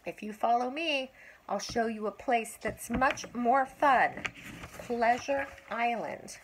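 A woman's voice: a little high, slow, noisy background. An older woman doing a sly, sneering fox. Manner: sneering, scheming.

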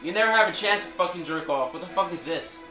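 High-voiced, cursing game commentator. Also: male voice, expressive, fast talker, distant mic. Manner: profane, loud outbursts, laughing. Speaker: gameplay commentator. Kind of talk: let's play commentary. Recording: echoey room, game music behind.

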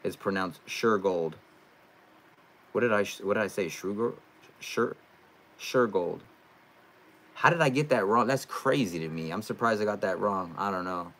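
Speaking at a moderate pace in a lowish voice, this young man from California hosts a sports fan channel. On his casual live stream he chats loosely through viewer comments, sometimes erupting with loud enthusiasm.

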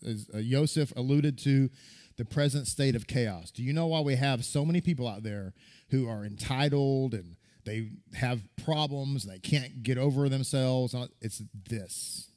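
A male rabbi giving a sermon, telling stories in a lively, conversational way with frequent restarts. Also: medium pitch, a little slow. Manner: animated storytelling with restarts and acted quotes.

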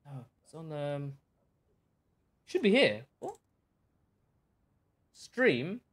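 A young man giving chatty live commentary while playing a game, excitable and bursting into shouts. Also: on the high side, very slow, husky. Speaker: live streamer.

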